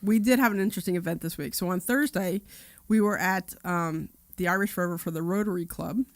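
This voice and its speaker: A woman's voice: fairly low pitch, a little fast, dry recording. A middle-aged woman co-hosting a casual radio talk show, telling stories with lots of "yeah" and "you know". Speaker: radio co-host.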